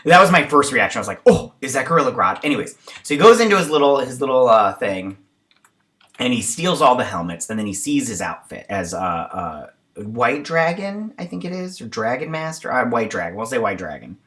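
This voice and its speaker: Bright-voiced man rambling through a recap. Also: medium pitch, very animated, fairly quick. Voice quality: rambling, full of fillers and tangents. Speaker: show reviewer. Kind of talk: casual episode recap.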